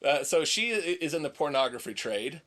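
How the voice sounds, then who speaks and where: A man in a casual podcast chat, joking and reading stories aloud. His voice is a little high and swings widely in pitch. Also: very animated, moderate pace, a bit bright. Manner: joking, reads out news stories. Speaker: podcast co-host.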